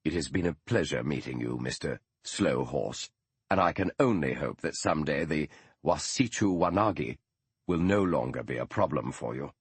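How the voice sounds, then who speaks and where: A man reading the part of Sherlock Holmes, an earnest, shaken detective who asks halting, urgent questions. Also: rumbling low, animated, husky, no echo, full character voice. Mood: polite.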